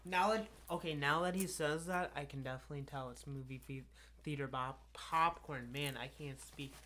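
A young man co-hosting a casual podcast, relaxed and joking, sometimes tripping over his words. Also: on the high side, moderate pace. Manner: relaxed, joking, a little tongue-tied. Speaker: podcast co-host. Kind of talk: casual chat. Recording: faint background noise.

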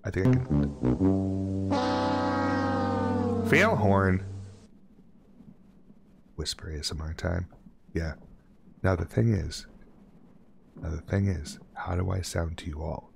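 Gravelly low-voiced male streamer. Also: fairly even intonation, measured pace, long pauses, loud music behind the voice. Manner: jokey, reads on-screen text aloud, drops to a hush. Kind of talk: casual gameplay commentary.

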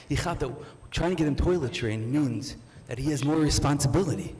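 A man performing a stand-up comedy set, telling stories in a halting, restarting way and acting out bits of dialogue. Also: fairly high pitch, a little mellow, slight background noise. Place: comedy stage. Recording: echoey club room.

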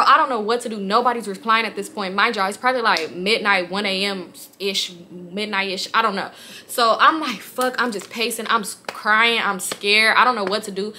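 A young woman vlogger telling a personal story in a candid, animated way, swearing freely. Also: medium pitch, slight background noise.

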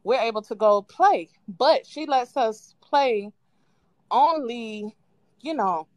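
Woman caller, casual storytelling, animated, dry phone sound, higher pitch. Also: slow, no echo. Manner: animated, laughs often, quotes voices. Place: at home on a live call.

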